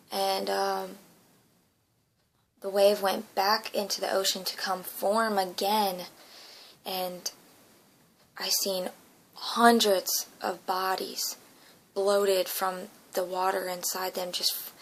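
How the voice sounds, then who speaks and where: A woman's voice: mid-range voice, fairly bright tone, poor audio. A woman earnestly recounting a dream as a personal testimony, emotional and often dropping into a whisper.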